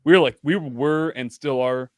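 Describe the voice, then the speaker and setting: A man's voice: medium pitch, normal speed, no echo. A man guest on a podcast chatting casually, rambling with lots of "like" and "um". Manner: rambling, full of "like" and "um". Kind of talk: casual chat.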